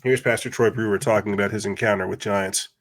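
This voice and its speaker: A man's voice: on the low side, steady tone, quick pace. A man hosting a podcast, talking in a rambling casual monologue with restarts and rhetorical questions. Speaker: podcast host.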